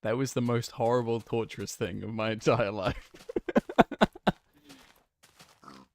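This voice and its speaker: A man's voice: on the low side, steady tone, a little fast. A young man streaming a game, chatting casually and laughing, flustered and rambling. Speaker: gaming streamer.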